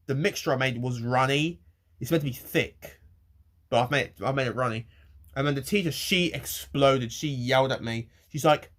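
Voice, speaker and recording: A young man ranting to camera in a rambling, halting way, swearing freely. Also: mid-range voice, a bit bright. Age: young adult. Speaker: vlogger. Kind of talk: casual rant to camera.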